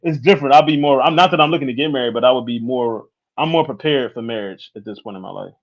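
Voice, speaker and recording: A man's voice: mid-range voice, fast. Frank man in his thirties, muffled sound. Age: 30s. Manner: candid, frequent "you know what I'm saying". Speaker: guest. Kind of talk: casual podcast chat. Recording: dull lo-fi sound.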